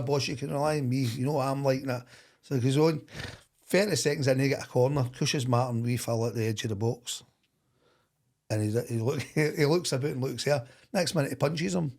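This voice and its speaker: Scottish ex-manager, middle-aged, gravelly and quick; animated anecdote-teller. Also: male voice, mid-range voice. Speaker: former football manager. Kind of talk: storytelling in podcast chat.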